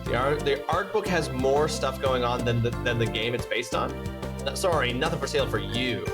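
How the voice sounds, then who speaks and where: A game streamer chatting casually and wryly while playing, swearing now and then, in a mid-pitched voice. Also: normal speed. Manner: chatty, wry, with bursts of swearing. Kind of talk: casual let's-play commentary. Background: loud game music.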